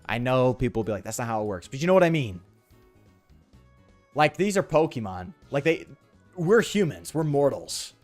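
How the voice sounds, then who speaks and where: Sarcastic, lively young male streamer. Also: mid-range voice, normal speed, long pauses, no echo, faint music behind. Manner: rambling, sarcastic, slangy. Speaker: gaming streamer. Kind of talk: casual let's-play commentary with chat.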